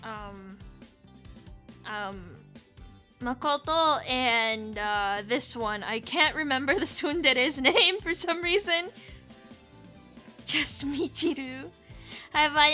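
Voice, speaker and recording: A woman's voice: high-pitched, slow, long pauses, pushed and bright, soft background music. A woman streaming a game live, chatting and giggling as she reacts to chat.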